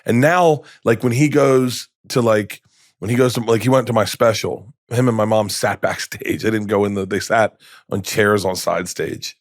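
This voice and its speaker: A man's voice: on the low side, moderate pace, dry recording, studio quality. A male comedian who is a podcast guest, telling stories in a casual interview and acting out the people in them. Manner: animated, acts out the people in his stories. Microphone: studio podcast mic.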